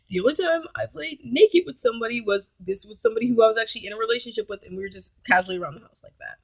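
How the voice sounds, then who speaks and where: A woman's voice: a little high, lively intonation, rapid-fire, few pauses, no room sound, rough recording. A woman vlogger telling a story in a casual, blunt, profane way.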